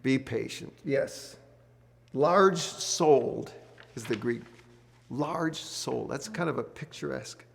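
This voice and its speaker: A man's voice: medium pitch, takes it slowly, creaky, slight background noise. A middle-aged man hosting a marriage study group, giving earnest Bible teaching to couples. He repeats key words and asks the group questions.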